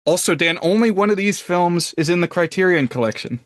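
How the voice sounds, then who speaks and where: A man's voice: sits high, lively intonation, fairly quick, dry recording, clean studio sound. A man in his thirties co-hosting a film podcast, chatty and teasing, with hesitant restarts. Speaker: podcast co-host. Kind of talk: casual film podcast chat.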